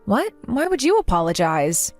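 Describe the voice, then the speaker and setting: A woman's voice: medium pitch, sing-song, normal speed, darkish tone, faint music behind, lightly acted. A young woman playing a jilted bride who talks earnestly and with strong emotion. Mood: tearful. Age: young adult. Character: jilted young bride, hurt but determined.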